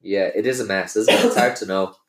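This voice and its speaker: A man's voice: fairly low pitch, brisk. A man hosting a casual football podcast, steering the talk and reading out listener questions. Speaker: podcast host. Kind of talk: casual sports podcast chat. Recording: roomy echo.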